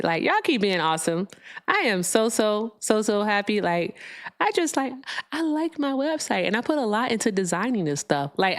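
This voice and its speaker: A woman hosting a live call-in stream in a loose, chatty way. She swears freely and heaps thanks on her viewers, with a voice of ordinary middle pitch for a woman. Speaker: livestream host. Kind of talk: casual livestream talk.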